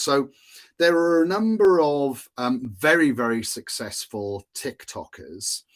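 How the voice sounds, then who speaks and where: A man's voice: medium pitch, a bit bright. Chatty man giving a casual lesson. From Wales. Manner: chatty, often checks in with "right?". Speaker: course instructor. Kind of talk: casual teaching talk.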